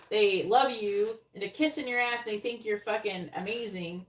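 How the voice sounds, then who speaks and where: Woman tarot reader, live stream, mid-pitched, blunt and foul-mouthed, mutters card pulls under her breath, laughs easily. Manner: blunt and profane, with frequent laughter; mutters card draws in a low, quick undertone. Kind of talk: live-streamed tarot reading, casual chat.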